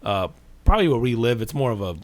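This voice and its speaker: A man's voice: mid-range voice, quick pace, no echo. A man co-hosting a podcast, chatting casually and energetically about baseball, full of dudes and curse words. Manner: animated, rambling, swears and says dude. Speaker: podcast co-host. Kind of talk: casual sports chat.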